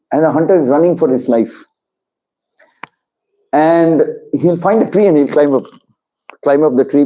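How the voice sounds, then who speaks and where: A man's voice: on the high side, poor audio. A man, preaching to a congregation by telling a story and voicing its characters in turn. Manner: animated storyteller, voices characters in quotes. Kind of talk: storytelling sermon.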